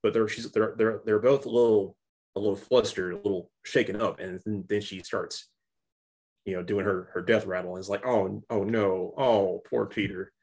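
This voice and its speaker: A young man co-hosting a casual movie review chat, talking in halting bursts full of restarts and repeats. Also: fairly low pitch, fairly even intonation, a little mellow. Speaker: podcast co-host.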